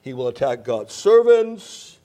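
A man's voice: medium pitch, sing-song, unhurried, dark tone. A man preaching a sermon, emphatic, repeating key phrases and asking rhetorical questions. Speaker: pastor.

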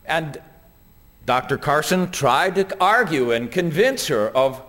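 Man preaching, earnest storytelling, slightly high voice, long hall echo. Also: lively intonation, slow, a bit bright. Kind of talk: sermon.

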